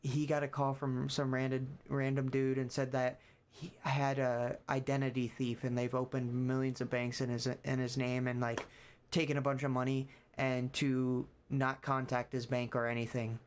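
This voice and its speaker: Young male streamer, loose and rambling, casual cursing, average pitch. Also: completely flat delivery, moderate pace, a little hiss or hum. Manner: rambling, many fillers and restarts, swears casually. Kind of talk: casual chat.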